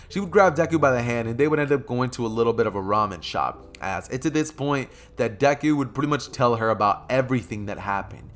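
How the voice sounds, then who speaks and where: A man's voice: medium pitch, quick pace, a bit bright. A man narrating a fan what-if story in a casual, loose, slangy way, full of fillers and asides.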